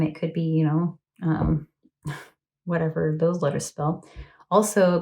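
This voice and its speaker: A woman's voice: fairly low pitch, dark tone. A woman giving a casual, earnest tarot reading to a phone camera, talking in a chatty way with frequent ums and a checking "okay?". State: emotional, close to tears. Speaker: tarot reader.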